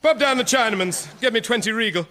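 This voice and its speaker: Man playing a seedy lazy detective, sly drawl, high voice, distant and noisy, radio sketch. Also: lively intonation, fast. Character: seedy male detective, middle-aged, lazy.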